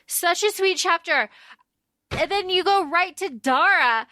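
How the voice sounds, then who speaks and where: A woman's voice: extremely high pitch, expressive, a little slow, sharp tone, no room sound. A woman co-hosting a podcast, chatting casually about a book and retelling scenes with quoted dialogue. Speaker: podcast co-host.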